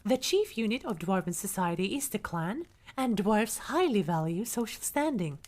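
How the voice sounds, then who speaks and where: A young woman streamer reading aloud softly for ASMR, breaking into chatty asides to her chat, close to a studio microphone. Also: mid-range voice, very animated, moderate pace. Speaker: livestreamer.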